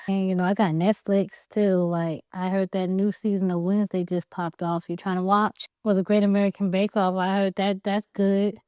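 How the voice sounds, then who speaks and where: A woman retelling a classic fairytale as a casual comic story, full of slang and side comments. Her voice is warm and mellow, and the recording is dry and close. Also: mid-range voice, level tone, moderate pace, few pauses, smooth, dry recording. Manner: casual, slangy, joking asides.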